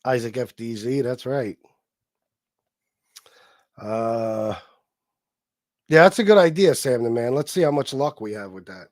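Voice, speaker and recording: A man hosting a live stream, reading the chat aloud and giving shout-outs, swearing heavily in a combative, angry way. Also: medium pitch, expressive, unhurried, pauses often, dry recording, studio quality. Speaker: livestream host reading chat.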